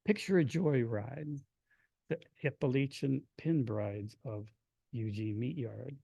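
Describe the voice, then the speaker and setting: A man from Kentucky, a poet, reading his poems aloud in a hushed, measured way, with brighter chatty asides to an audience between them. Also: mid-range voice, creaky, husky, no room sound. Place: reading event before an audience.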